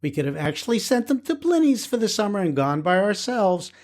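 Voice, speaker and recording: A man's voice: sits high, sing-song, brisk, darkish tone, pitched above the performer's own voice. A man voicing a worried mother on a family rocket trip, in a nervous, fretting manner, for an audiobook. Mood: fretful. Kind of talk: audiobook character voice.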